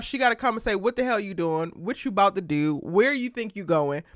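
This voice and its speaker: A woman hosting a live TV show recap, talking in an animated, slangy, emphatic way and laughing often. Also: on the high side, dry recording, studio quality. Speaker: TV show aftershow host.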